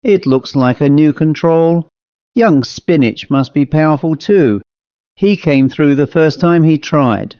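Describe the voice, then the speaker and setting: A man voicing a brisk, self-assured male medium in a crisp, chatty manner for an audiobook story. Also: lively intonation, no room sound. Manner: crisp, chatty, lifted pitch. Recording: dull lo-fi dry recording.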